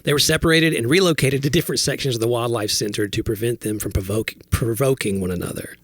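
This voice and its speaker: A man co-hosting a podcast in casual chat, animated and quick to laugh. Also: medium pitch, no echo. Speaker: podcast co-host.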